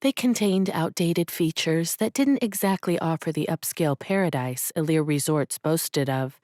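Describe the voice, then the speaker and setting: A woman reading a romance audiobook in a measured, expressive way on a close studio mic. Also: deep voice, dry recording. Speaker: audiobook narrator. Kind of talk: scripted romance narration.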